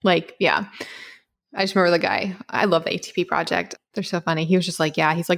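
A woman with a fairly low voice co-hosts a casual podcast. She talks in a chatty, rambling way, full of fillers and trailing asides. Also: steady tone, fast, gravelly. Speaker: podcast co-host.

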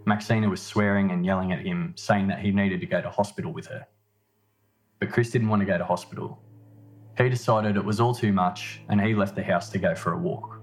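A man reading a scripted narration in a measured, matter-of-fact way. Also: lowish voice. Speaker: podcast narrator.

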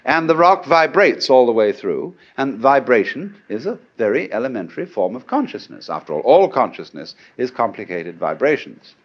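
A man's voice: medium pitch, sing-song, normal speed, hardly any pauses. A middle-aged man giving a conversational philosophical lecture, musing aloud and asking rhetorical questions. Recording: dull lo-fi archival lecture tape.

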